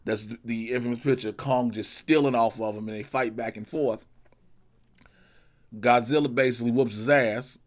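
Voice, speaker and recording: A man's voice: medium pitch, normal speed. Slangy, profane man reviewing a movie. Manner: animated, profane, slangy storytelling. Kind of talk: casual spoken review.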